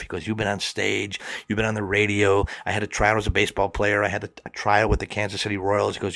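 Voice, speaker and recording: A man's voice: lowish voice, monotone, quick pace, gravelly, hardly any pauses, fairly bright tone, dry recording. A man telling a personal story in conversation, acting out both sides of the dialogue.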